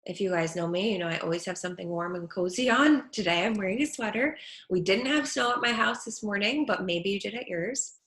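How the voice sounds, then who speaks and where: Woman clearly over-articulating words for kids. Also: mid-range voice, a little fast, a bit bright. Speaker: speech therapist. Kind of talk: teaching children at home. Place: her home kitchen. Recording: echoey room.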